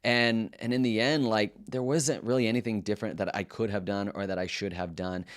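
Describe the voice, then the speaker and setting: A male middle school teacher shares classroom stories in a relaxed, reflective way. His voice sits on the low side, and he trips over his words and restarts them as he thinks aloud. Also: a little fast. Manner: earnest and reflective, loose with many restarts. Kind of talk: casual storytelling to camera.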